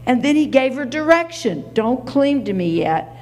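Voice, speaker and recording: A woman's voice: high voice, very animated, normal speed, a little mellow, soft background music. A woman preaching a sermon, telling a scripture story earnestly and acting out the voices she quotes.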